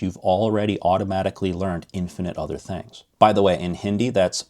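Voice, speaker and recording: Low-voiced man teaching language patterns. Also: a little mellow. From Chicago. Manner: upbeat teacherly, slows down to model example sentences. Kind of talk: video lesson explaining language patterns.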